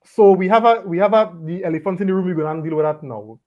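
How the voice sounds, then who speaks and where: A man hosting a casual football chat, relaxed and repeating words as he thinks. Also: high voice, fast talker. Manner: relaxed, repeats words while gathering thoughts. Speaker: podcast host. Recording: dull lo-fi audio.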